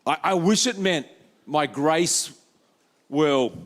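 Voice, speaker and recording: A man preaching a lively sermon as pastor, acting out quoted voices with jokey asides. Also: on the high side, takes it slowly. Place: church hall.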